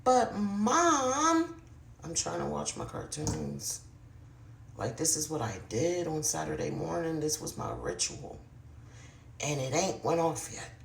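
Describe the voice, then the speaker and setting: In a reverberant recording with a little hiss or hum, an adult vlogger shares a personal paranormal story in a creaky, medium-pitched, unhurried voice. The tone is casual and confiding, frequently speaking straight to viewers and at times dropping to a hushed murmur.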